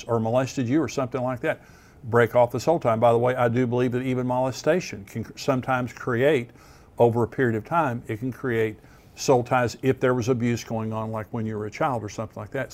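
Male pastor, mid-pitched, earnest sermon delivery, plain and direct. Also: a little mellow. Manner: earnest, plain-spoken teaching with restarts.

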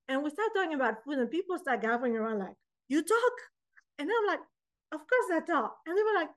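A woman talks as a podcast guest in a lively, expressive way. Her voice sits a little higher than most, and it leaps up when she acts out what other people said. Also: poor audio. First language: French. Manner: animated, acts out quoted voices. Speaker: guest poet and author. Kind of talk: casual interview chat.

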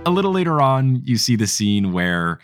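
A man's voice: mid-range voice, big pitch swings, moderate pace, faint music behind. A man hosting a podcast, chatting casually and explaining a plot at length, laughing often. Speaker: podcast host.

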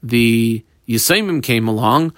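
A man's voice: medium pitch, lively intonation, a little slow, dry recording, clean studio sound. A man teaching a text study class, reading each term aloud and then explaining it in plain words, step by step. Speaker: Talmud teacher.

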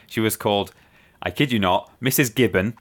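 This is a lowish-voiced man chatting casually on a podcast. He tells stories with energy and acts out what people said. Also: a little fast. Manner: animated storyteller acting out quotes. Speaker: podcast co-host. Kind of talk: casual chat, storytelling.

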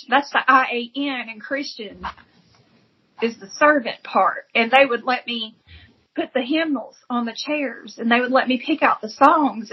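Woman, husky, earnest testimony, emotional storytelling, muffled lo-fi recording. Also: high-pitched. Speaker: guest sharing testimony.

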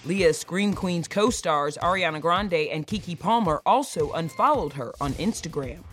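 A woman's voice: fairly low pitch, lively intonation, unhurried, music in the background. A woman entertainment news anchor reading scripted stories with emphatic delivery.

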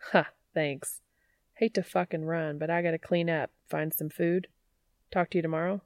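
A woman's voice: sits low, steady tone, moderate pace, a little mellow, no echo, studio quality, close to an everyday voice. A woman reading the part of a joking, eager adult man in a casual tone. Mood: teasing, eager. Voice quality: casual and teasing. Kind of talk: audiobook character reading.

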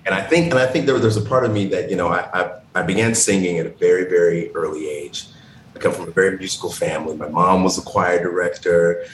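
A man from Indiana, a podcast guest, talking reflectively and haltingly from his living room over a video call. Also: low-pitched, echoey room, a little hiss or hum, poor audio. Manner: reflective, hesitant, many restarts. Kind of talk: casual interview.

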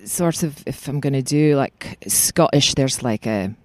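A voice actor guest chatting casually about their roles, telling stories in a lively, rambling way with lots of fillers. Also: medium pitch, measured pace, no echo. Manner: animated storytelling, many fillers and restarts. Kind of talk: casual interview chat. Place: recording in a parking lot.

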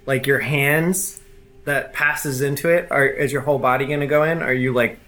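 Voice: medium pitch, fairly even intonation, normal speed, a bit bright, low-quality recording. A game master narrating a tabletop game, with a hesitant delivery full of fillers and restarts.

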